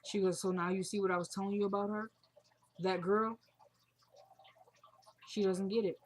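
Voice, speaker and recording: A woman talks through a TV drama episode as a casual recap, walking through the scenes one after another. She passes along each character's lines in her own easy voice, with a mid-range pitch. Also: moderate pace. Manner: retells scenes quoting characters, gets excited and loud. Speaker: TV show recapper.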